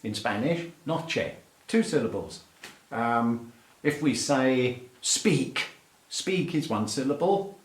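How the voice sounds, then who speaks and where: A man's voice: mid-range voice, animated, slow, roomy sound. A middle-aged English man with an English accent, an aviation English teacher giving a playful, mock-exasperated rant to camera. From England. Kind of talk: light-hearted rant to camera.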